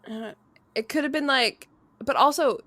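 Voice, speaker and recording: A woman's voice: high voice, moderate pace, bright, forceful tone, dry recording. A woman co-hosting a casual podcast chat, laughing easily as she reads out short spooky stories. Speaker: podcast co-host.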